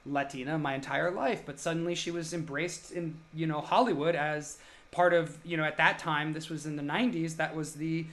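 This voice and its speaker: A man's voice: fairly high pitch, steady tone, moderate pace, a bit bright. A middle-aged man, an actor, talking in casual chat and often restarting his sentences. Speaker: podcast co-host and actor.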